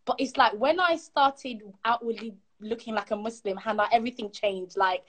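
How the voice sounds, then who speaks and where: Animated woman telling her story. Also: fairly high pitch. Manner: animated, quick, acts out quotes. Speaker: guest. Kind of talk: personal storytelling in conversation.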